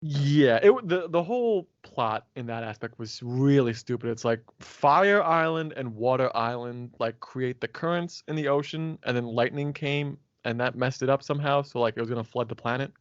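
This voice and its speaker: A man's voice: medium pitch, moderate pace, few pauses, no echo, highs cut off. A man co-hosting a podcast in casual chat, who laughs often and acts out quotes as he talks. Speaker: podcast co-host.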